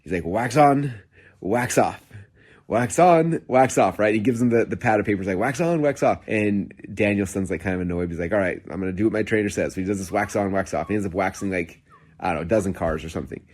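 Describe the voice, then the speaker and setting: A man in his thirties hosting a podcast, telling a story in a casual, excited, rambling way with lots of fillers and restarts. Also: deep voice, very fast. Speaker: podcast host.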